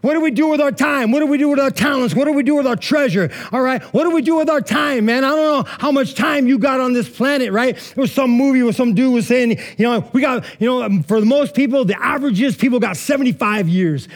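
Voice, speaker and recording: Man, pastor, high voice, casual conversational sermon, many asides. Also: fast, few pauses.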